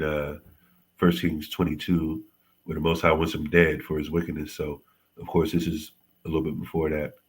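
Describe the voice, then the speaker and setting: A man hosting a casual livestream history lesson, halting and often correcting himself. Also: extremely low pitch, breathy edge. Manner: halting, frequent self-corrections and apologies. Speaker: host teaching history on a livestream.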